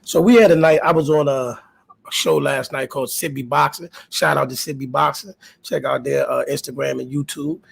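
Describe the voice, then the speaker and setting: Gravelly-voiced man hosting a boxing livestream. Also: medium pitch, normal speed. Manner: animated, repeats himself, talks to chat viewers. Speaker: host of a boxing talk livestream. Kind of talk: casual live-stream talk.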